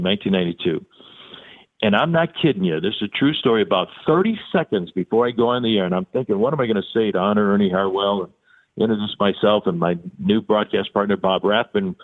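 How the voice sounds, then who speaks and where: An older male sportscaster tells animated stories in an interview, acting out the voices of the people in them. His voice sits low. The audio is narrow and tinny, like a phone call. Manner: animated storyteller who acts out quoted dialogue. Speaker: sportscaster, podcast guest. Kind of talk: storytelling in an interview.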